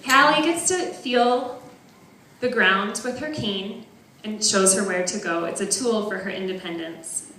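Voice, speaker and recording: Young woman, bright voice, earnest prepared speech, podium mic, heavy hall echo. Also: medium pitch. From northern Wisconsin. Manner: earnest, measured, heartfelt. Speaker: parent giving a benefit speech. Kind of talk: prepared speech read aloud. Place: large banquet hall. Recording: very echoey banquet hall.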